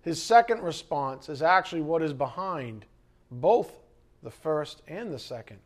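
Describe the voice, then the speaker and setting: A man preaching a sermon as pastor, lively and conversational, asking the congregation questions. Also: fairly high pitch, a little slow. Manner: animated preaching, acting out scripture quotes and asides.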